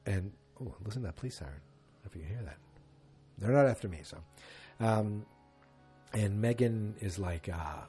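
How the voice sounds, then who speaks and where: Male podcast host, lowish voice, rambling casual recap delivery. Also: big pitch swings, moderate pace, long pauses, dark tone, faint music behind. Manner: rambling, loose and chatty with frequent restarts. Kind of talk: casual solo episode recap.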